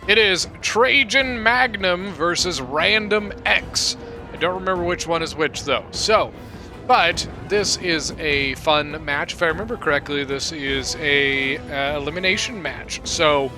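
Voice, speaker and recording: Unhurried and high-voiced, a man rambles chattily through commentary on a strategy game replay, correcting himself along the way. Background music is clearly audible.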